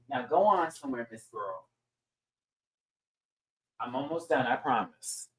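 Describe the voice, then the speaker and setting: A young man giving casual, expressive commentary as a reviewer of a reality show, often swinging into high exclamations. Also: unhurried, long pauses, breathy edge, highs cut off.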